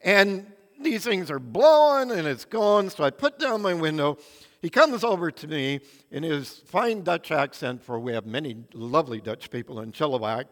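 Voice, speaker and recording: An older male preacher delivers his sermon in an earnest storytelling manner, his emphasis rising and falling dramatically. His voice is slightly higher than most men's, and a long reverb trails through the large church hall. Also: animated, moderate pace, fairly bright tone. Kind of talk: sermon with anecdotes.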